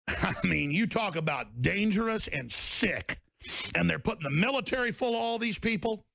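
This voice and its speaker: A high-pitched, gravelly man rants furiously, his voice cracking up into bellowing shouts. The recording is dry and close, with no room sound. He sounds like a fired-up political commentator. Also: expressive, normal speed, dry recording. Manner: fiery, bellowing, swings into shouts. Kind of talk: angry ranting monologue.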